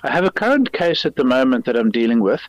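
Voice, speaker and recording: A man's voice: medium pitch, sing-song, fast talker, no room sound. A man, an attorney, confidently giving advice and anecdotes as a podcast guest. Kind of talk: casual podcast chat. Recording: dry, muffled lo-fi audio.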